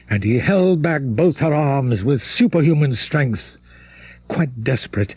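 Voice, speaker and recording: A man narrating a classic novel in a dramatic, measured storytelling manner. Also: medium pitch, lively intonation, vocal fry, a little mellow, slightly rough, no room sound. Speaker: audiobook narrator.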